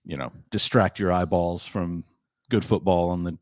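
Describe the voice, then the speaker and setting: Male podcast host, low voice, chatty storyteller, dry close sound. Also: moderate pace, dry recording. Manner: chatty storyteller, animated retelling. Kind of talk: casual chat.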